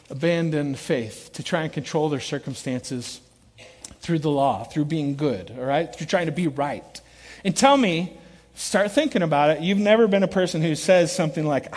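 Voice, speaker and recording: A middle-aged man preaching from the front of a large church hall, his voice sitting high for a man. He tells stories with animated swings, shouting one moment and dropping to a hushed intensity the next. A long reverb trails every phrase. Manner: animated storytelling, swings between loud shouts and quiet intensity. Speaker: pastor. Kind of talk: sermon.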